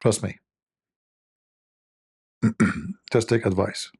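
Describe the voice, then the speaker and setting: Host type: husky, low-voiced man, mocking and rambling as he jokes. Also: moderate pace, pauses often, a little mellow, no echo. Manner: mocking, rambling, thinks aloud. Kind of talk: joking commentary.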